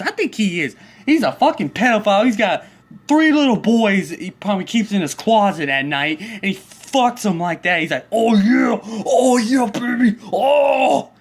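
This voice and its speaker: A man's voice: high voice, a bit bright, husky. A man in the middle of a heated, profane rant, his voice swinging widely up and down as he gets worked up. He talks crudely and swears constantly, keeping the whole tirade at a boil. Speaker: vlogger ranting about his neighbor.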